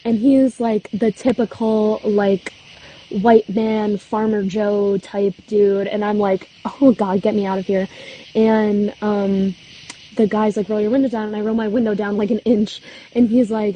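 A woman's voice: mid-range voice, little pitch movement, unhurried, mellow, slight background noise, rough recording. A young woman with a cold, telling a long personal story in a casual, chatty way and filling her talk with "like". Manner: chatty, heavy use of "like". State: has a cold, coughing. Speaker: podcast host.

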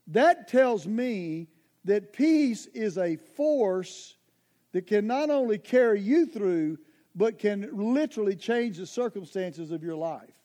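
A man's voice: sits high, lively intonation, a little slow, warm tone. A man preaching a sermon in a conversational, emphatic way, often turning straight to his listeners.

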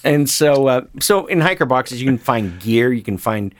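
A man's voice: medium pitch, lively intonation, normal speed, no echo. An older man chatting as a guest, telling rambling stories with lots of fillers. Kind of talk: casual conversation.

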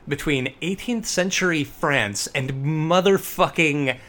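A man co-hosting a podcast, chatting casually about horror movies, animated and profane with jokey asides. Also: fairly high pitch, slow. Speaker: podcast co-host.

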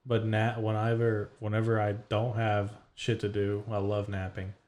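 Laid-back, low-voiced male podcast host. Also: monotone, normal speed, a little mellow. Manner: loose and profane, laid-back. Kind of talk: casual chat.

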